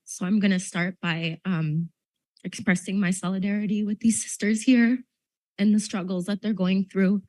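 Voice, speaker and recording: A woman's voice: medium pitch, fairly even intonation, moderate pace, a little mellow, low-quality recording. A woman from Minnesota speaking earnestly on a panel at a university event, a little choked up. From Minnesota, United States. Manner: earnest, emotional, slightly choked up. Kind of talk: public panel talk.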